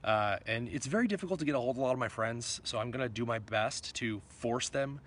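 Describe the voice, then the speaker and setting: A man's voice: medium pitch, fairly quick, a bit bright. A man from Florida talking to camera in a casual vlog, rambling and joking at himself. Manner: rambling, self-mocking, laughs between thoughts. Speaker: vlogger.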